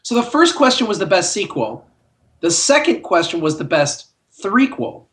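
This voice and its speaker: A man co-hosting a podcast in casual movie chat, talking in an animated way with wry, joking asides. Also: high voice, moderate pace. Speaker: podcast co-host.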